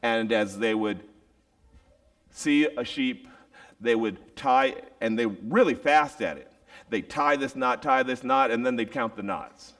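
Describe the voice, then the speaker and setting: A man who is a teacher and preacher, telling a story. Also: mid-range voice. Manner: animated storytelling with dramatic pauses. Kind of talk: storytelling sermon.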